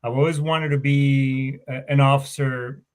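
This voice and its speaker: A man's voice: medium pitch, level tone, measured pace, smooth. A middle-aged man, a veteran guest, telling stories in a casual, rambling way, swearing often and correcting himself mid-sentence. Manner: profane, rambling, self-correcting. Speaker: guest, Marine Corps veteran warrant officer. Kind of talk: casual storytelling interview.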